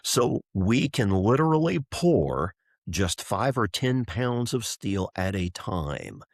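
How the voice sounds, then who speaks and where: A gravelly, fairly low voice, very animated yet slow, belongs to a middle-aged man who drives race cars and is an entrepreneur. Guesting on a podcast, he tells an enthusiastic story and acts out the voices of people he quotes, captured in a dry, clean studio recording.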